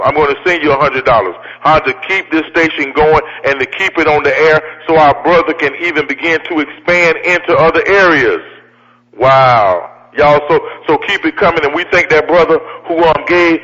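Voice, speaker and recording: A man's voice: fairly high pitch, bright, forceful tone. Fiery male radio host, echoey lo-fi. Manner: emphatic, repeats his lines, builds to preacher-like intensity.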